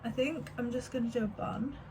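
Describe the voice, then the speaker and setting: A woman's voice: on the high side, fairly even intonation, fairly quick, noisy background. Chatty young woman vlogger. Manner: rambling, chatty, swears freely. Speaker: beauty vlogger. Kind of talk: casual chat to camera. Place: home, getting ready at a mirror.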